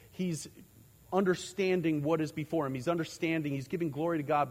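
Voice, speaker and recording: A man's voice: a little high, a little mellow. A man preaching a sermon, earnest, with frequent fillers and restarts as he teaches his congregation. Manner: earnest, repeats words, many fillers and restarts. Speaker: pastor. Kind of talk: sermon on faith and anxiety. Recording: long hall reverb.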